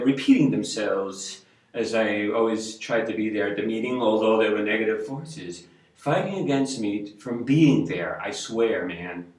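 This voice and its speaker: An older man, a street pastor, rambles through a personal story in loose hippie slang. His voice sits at an ordinary pitch and sounds roomy and slightly distant from the mic, as if recorded across an echoey room. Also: a little mellow. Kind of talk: casual storytelling monologue.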